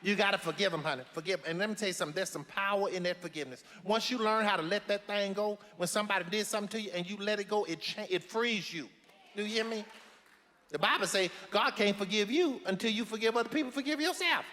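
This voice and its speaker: Brassy elderly grandma played by a man, high and bright, sassy folksy drawl, echoey hall. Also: fast talker. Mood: earnest preaching. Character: brassy elderly Southern grandmother, blunt and preachy. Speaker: advice-giving matriarch. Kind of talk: film comedy-drama acting.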